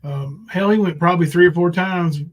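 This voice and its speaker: A man's voice: sits high, brisk. A man hosting a livestream, rambling casually and hesitating. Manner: rambling, hesitant, with many fillers.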